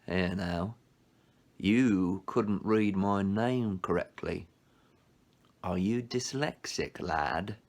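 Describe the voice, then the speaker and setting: A man voicing a smooth, greedy male ferryman of the dead in a put-on British accent, speaking slowly and mockingly. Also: deep voice, heavily acted. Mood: suspicious.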